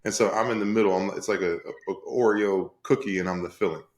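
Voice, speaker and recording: A man telling his own story as an interview guest on a video call, animated and repetitive, often laughing. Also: on the low side, quick pace, reverberant. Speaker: guest, coach and speaker.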